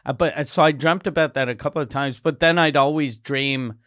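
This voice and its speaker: A man with a slightly high voice chats in a laid-back way, stumbling and restarting as he goes. The sound is close and dry. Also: steady tone, brisk, fairly bright tone, no room sound. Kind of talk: casual chat.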